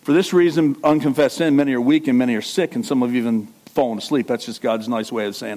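A pastor preaching to a congregation in a conversational way, asking questions and joking. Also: male voice, mid-range voice, fast, hardly any pauses, a little mellow. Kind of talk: sermon.

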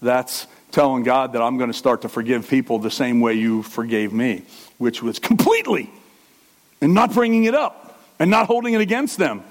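A pastor preaching to a congregation in a conversational way, asking questions and joking. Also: male voice, medium pitch, lively intonation, normal speed. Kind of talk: sermon.

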